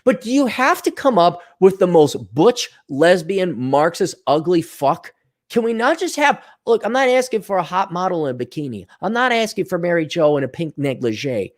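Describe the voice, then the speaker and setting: A high-pitched man, talking at a moderate pace, hosts a podcast and delivers a profane, sarcastic solo rant. He's animated, tossing in scornful asides and mocking voices for quoted lines.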